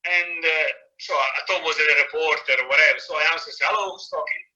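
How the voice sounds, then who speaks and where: A man with an Italian accent, a former footballer, telling stories in a casual interview, often halting and searching for English words. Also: on the high side, fairly even intonation, bright, forceful tone. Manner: halting, searching for words, swears when quoting himself. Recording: lo-fi call audio.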